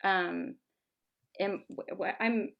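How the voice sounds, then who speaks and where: A woman's voice: medium pitch, steady tone, very slow, gravelly, lo-fi sound. Hesitant woman student full of ums. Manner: hesitant, many ums, stops to ask questions. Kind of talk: answering in a language class.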